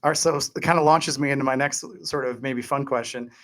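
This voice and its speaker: A man's voice: mid-range voice, fairly even intonation, brisk, a bit bright. A man hosting a podcast interview, easygoing and chatty with frequent fillers. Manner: easygoing, chatty, heavy on "you know" fillers. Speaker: podcast host. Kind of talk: casual interview chat.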